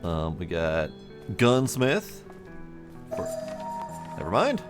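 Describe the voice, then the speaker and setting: A man's voice: mid-range voice, wildly swooping pitch, takes it slowly. A man casually commenting on his gameplay, playful and self-mocking, muttering asides over faint game music. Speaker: gameplay streamer.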